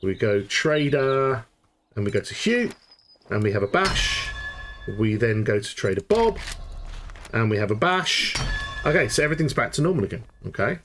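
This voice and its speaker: A man hosting a live gameplay tutorial, thinking aloud and getting excited as he works things out, often restarting sentences. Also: medium pitch, normal speed, slight background noise. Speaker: tutorial host.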